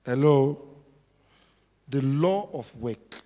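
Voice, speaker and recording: A man's voice: mid-range voice, lively intonation, very slow. Male preacher, sermon delivery, emphatic and repetitive, reverberant hall. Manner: emphatic, repetitive, swings between shouting and quiet.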